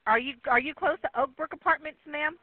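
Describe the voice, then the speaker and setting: A woman dispatcher who speaks fast, curt and stern on an emergency call. Her voice is dry and close, and squeezed through a tinny phone line. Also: sits high, dry recording.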